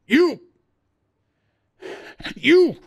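A man voicing a furious, bulky rich old man who shouts and sputters accusations. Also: high-pitched, huge pitch swings, normal speed, gravelly, pitched above the performer's own voice, exaggerated voice.

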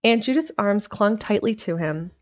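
A woman reads an old storybook aloud, gentle and expressive in her delivery. Her voice sits at a middle pitch. The sound is dull and lo-fi, like a simple home setup. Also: moderate pace. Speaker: narrator. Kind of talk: storybook reading.

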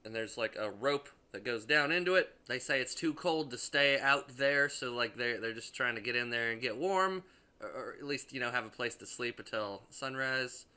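A man's voice: mid-range voice, normal speed, pushed and bright, clean tone. A young man casually reviewing a movie, rambling and profane, with lots of restarts and filler words.

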